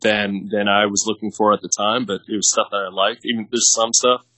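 Brisk and lowish with little pitch movement, the voice of this actor and producer in his thirties sounds pushed and bright. As a podcast guest he rambles through casual stories full of fillers and laughs. There's no room sound, and the audio is poor.

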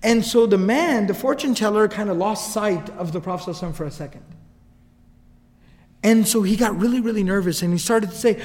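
A man's voice: high voice, fast, long reverb tail. A man telling a story as a casual lecture, acting out the quoted lines. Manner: animated, acts out quotes, casual asides.

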